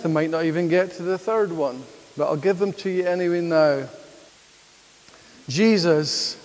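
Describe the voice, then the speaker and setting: A man's voice: on the high side, darkish tone. A man preaching a sermon in church, building to emphatic declarations and drawing answers from the congregation. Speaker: pastor. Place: church hall. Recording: reverberant church hall.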